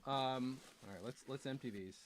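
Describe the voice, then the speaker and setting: A man's voice: medium pitch, moderate pace. Man, casual unboxing vlog, rambling, self-deprecating jokes, faint background noise. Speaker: author and video host.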